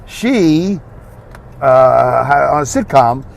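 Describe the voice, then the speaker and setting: A man's voice: medium pitch, expressive, drawn-out words, gravelly. A middle-aged man hosting a solo podcast, rambling through a monologue with wry, sarcastic asides. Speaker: podcast host.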